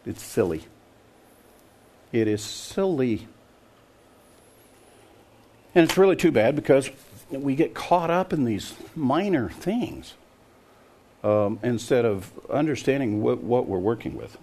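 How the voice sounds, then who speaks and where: A man's voice: mid-range voice, big pitch swings, slow pace, long pauses, warm tone. An older man preaching a sermon, emphatic and scoffing, often putting questions to his listeners. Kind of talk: sermon to a congregation.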